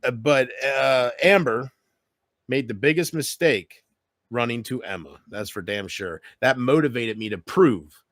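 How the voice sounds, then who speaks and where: A man vlogging a bitter, taunting rant straight to camera, swinging from loud outbursts to low mutters. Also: expressive, a little slow, no room sound, studio quality. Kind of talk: ranting monologue to camera.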